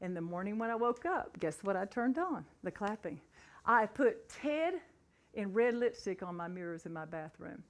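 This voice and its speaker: A middle-aged woman giving a motivational talk, telling her story with animated, building excitement. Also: medium pitch, moderate pace. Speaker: motivational speaker.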